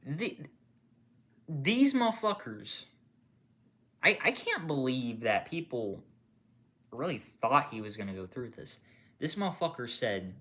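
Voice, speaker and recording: A man angrily ranting to camera with lots of swearing, rambling and restarting, swinging from low mutters to loud outbursts. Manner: angry, profane, rambling with restarts. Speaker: gaming channel creator. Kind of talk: unscripted political rant to camera.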